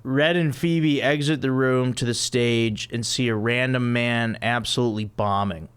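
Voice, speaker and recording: A male podcast host reads out stage directions in a flat, deadpan way. His voice is smooth and clear, sitting at an ordinary middle pitch. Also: unhurried. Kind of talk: reading a comic script aloud.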